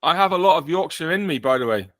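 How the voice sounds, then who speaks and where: British male podcast host, bright sound, dry close mic, jokey and rambling. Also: a little high, expressive, fast, dry recording. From Britain. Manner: joking, rambling with self-corrections. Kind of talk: casual chat.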